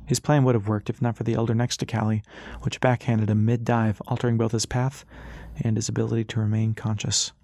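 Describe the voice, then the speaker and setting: A man's voice: lowish voice, little pitch movement, fairly quick, dark tone, no room sound, clean studio sound. A man reading a fantasy novel aloud as scripted narration, shifting his voice slightly for the characters. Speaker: audiobook narrator.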